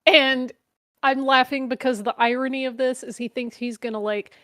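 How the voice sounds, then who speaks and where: A woman with a slightly high voice chats casually as a co-host. She is teasing and talkative, and keeps the exchange light. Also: fairly even intonation, moderate pace, a bit bright. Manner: teasing, chatty, laughs easily. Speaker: co-host reacting to a video. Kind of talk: casual chat.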